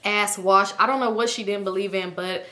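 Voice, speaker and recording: Bright-voiced woman telling a story. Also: medium pitch, moderate pace. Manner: animated, slangy and profane, acts out quotes. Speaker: vlog host. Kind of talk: storytime vlog.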